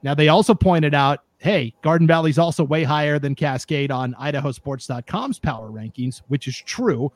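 A man with a fairly high voice hosts a casual sports podcast, and he talks in an animated way that quickly turns into a rant. The sound is dry and close, with no room around it. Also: no echo. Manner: animated, gets fired up and rants. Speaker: podcast host.

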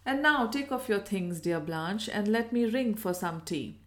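A woman's voice: mid-range voice, animated, a little slow, fairly bright tone. A woman reading aloud and voicing a chatty, solicitous hostess who fusses over her guest.

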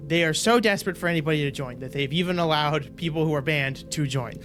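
Someone putting on a flustered, high-voiced woman clerk. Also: quick pace, fairly bright tone, soft background music, close to an everyday voice. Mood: apologetic. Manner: hesitant, fussing, full of "hang on". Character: flustered, helpful woman clerk at a front desk.

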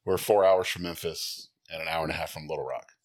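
A man co-hosts a casual podcast and tells wry anecdotes. His voice is very low, and he speaks at a fast clip. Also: fairly even intonation. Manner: wry, storytelling. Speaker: podcast co-host. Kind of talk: casual chat.

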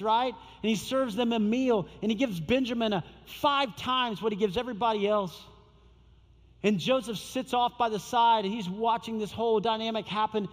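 A man with a high voice preaches to his congregation, acting out each character as he retells the story. His voice rings out with a long reverb in a large hall. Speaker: pastor. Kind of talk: sermon.

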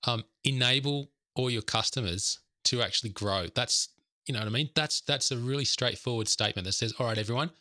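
A man's voice: medium pitch, a little fast, sharp tone, no echo, clean studio sound. A man co-hosting a startup podcast in casual, conversational and agreeable chat. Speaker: podcast co-host.

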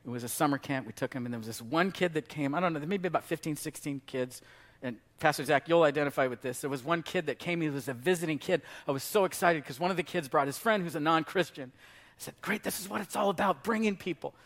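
A middle-aged man preaching a sermon as pastor, telling a story with animated delivery and shouting for emphasis. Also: fairly high pitch, fast talker.

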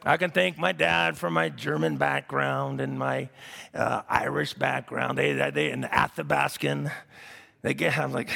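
A man preaching a sermon. He shifts between shouted declarations and low, wry asides, and he calls on the congregation for responses. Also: slow pace, vocal fry, pauses often, in a large hall.

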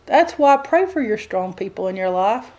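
Earnest woman preaching, mellow voice. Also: medium pitch, animated, normal speed, highs cut off. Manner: earnest, dramatic storytelling. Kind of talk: sermon.

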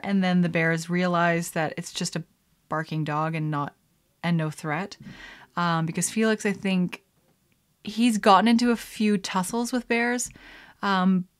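Female podcast host, casual rambling solo chat, average pitch, studio mic. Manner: chatty and rambling, frequent laughs and fillers.

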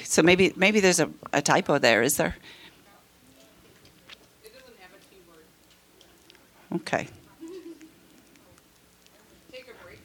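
Teaching a parenting class to a live group, a middle-aged female counselor speaks with a fairly low pitch and a fairly bright tone. She's warm, laughs a lot, and plays out the lines of both parents and kids.

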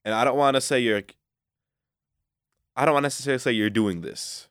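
A man's voice: medium pitch, a little fast, a bit bright, smooth, no room sound, clean studio sound. A man co-hosting a sports podcast, laid-back and chatty. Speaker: podcast co-host. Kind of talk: casual chat.

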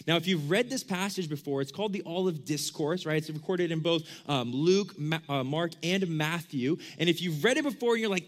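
A man's voice: a little high, fairly quick, few pauses. A young man giving a casual sermon as a youth pastor, conversational and full of "like", acting out the questions he quotes. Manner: conversational, lots of 'like', acts out quoted questions.

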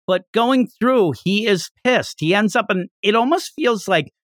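A man's voice: sits high, unhurried, no echo, studio quality. A man hosting a podcast, chatting casually as he recaps a manga chapter and laughs while acting out the characters' lines. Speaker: podcast host.

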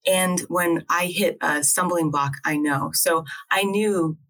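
A woman from New Jersey, an acupuncturist, co-hosts a casual video chat, talking in a rambling way with frequent restarts. Her voice is lowish and fairly bright, she speaks slowly, and the recording quality is low.

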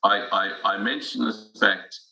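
A man's voice: on the low side, steady tone, unhurried, vocal fry, sharp tone, low-quality recording. A middle-aged man in casual conversation, telling stories earnestly with frequent restarts.

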